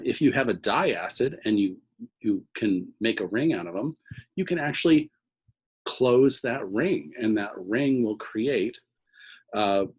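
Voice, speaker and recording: A man's voice: medium pitch, husky, poor audio. A man teaching organic chemistry in a recorded lecture, explaining step by step and often checking in with "okay?".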